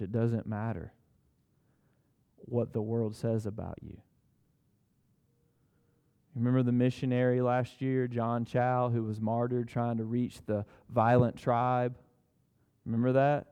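A man preaching a sermon to his church, moving from casual storytelling into loud, impassioned scripture reading. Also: medium pitch, little pitch movement, slow, long pauses, clean tone, long reverb tail. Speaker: pastor.

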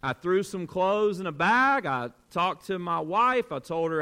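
A pastor in the pulpit, a man with a voice set a bit high for a man. He tells his story earnestly, dropping to near-hushed lines and then rising to emphatic peaks. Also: animated, measured pace, few pauses, clean tone. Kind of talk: sermon with personal story.

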